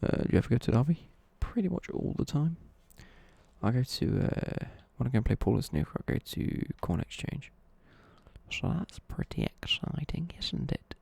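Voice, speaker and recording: Young male streamer, casual and rambling, gravelly low rasp, dry close sound, answers viewer chat. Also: expressive, fairly quick, warm tone, no room sound. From East Midlands, England. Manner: rambling, chatty, with swearing and self-corrections. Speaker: live streamer.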